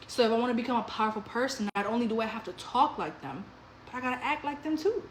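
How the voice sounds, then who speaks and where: A woman's voice: fairly high pitch, fast talker, a little hiss or hum, close to an everyday voice. Woman quoting a young woman friend, earnest, gushing, self-assured, echoey room.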